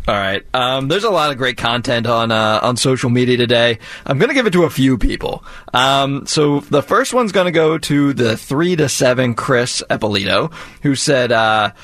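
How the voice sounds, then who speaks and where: A man's voice: medium pitch, expressive, moderate pace, a bit bright, no echo. A man co-hosting a radio show, teasing his colleagues in a dry, casual way. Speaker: radio co-host. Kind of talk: casual studio banter.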